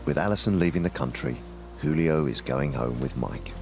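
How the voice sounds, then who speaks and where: A man with an extremely deep, gravelly voice narrates a documentary in a calm and measured way. Clear music plays behind him. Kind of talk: scripted narration.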